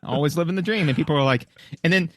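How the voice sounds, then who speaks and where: Playful storytelling guy on a podcast, higher voice, dry close sound. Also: fast, fairly bright tone, no room sound. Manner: playful, storytelling, does voices for quoted people. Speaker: podcast co-host. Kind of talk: casual chat.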